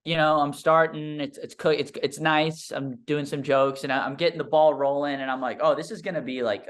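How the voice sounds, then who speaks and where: A man's voice: fairly high pitch, flat delivery, normal speed, fairly bright tone. A young man, a stand-up comedian, telling a story in a casual, rambling, self-deprecating way with lots of fillers. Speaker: stand-up comedian and podcast guest.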